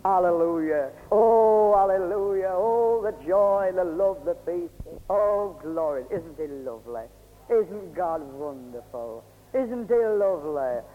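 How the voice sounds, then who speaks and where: A man leads a revival meeting, breaking into joyful exclamations and hallelujahs. His voice sits fairly high and sounds thin and tinny, like an old phone-line recording made in a reverberant hall. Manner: ecstatic, exclaiming, frequent hallelujahs. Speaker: preacher. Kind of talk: revival sermon.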